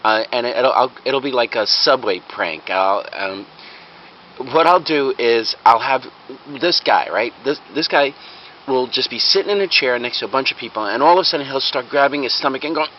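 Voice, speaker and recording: A man rambling through a comic prank idea, acting out the bystanders in high, shouty voices. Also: normal speed, muffled recording, a little hiss or hum. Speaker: vlogger.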